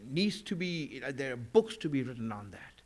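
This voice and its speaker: A man's voice: mid-range voice, sing-song, moderate pace, darkish tone. A man delivering a mourning sermon in a conversational way, with many fillers and restarts, at a mosque. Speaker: religious speaker. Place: mosque hall.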